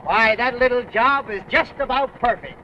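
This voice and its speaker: A man's voice: very high-pitched, moderate pace, pushed and bright, exaggerated voice. An actor playing a brash used car dealer with slangy salesman patter, in 1930s film acting. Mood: smooth-selling. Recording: dull old film soundtrack with faint hiss.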